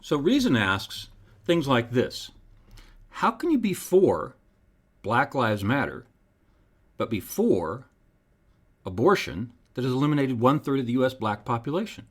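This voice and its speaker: A man's voice: very animated, measured pace, pauses often, husky. A man hosting his own podcast, reading scripted commentary in an emphatic, preacherly way. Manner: emphatic, preacherly delivery with wide pitch swings. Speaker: podcast host.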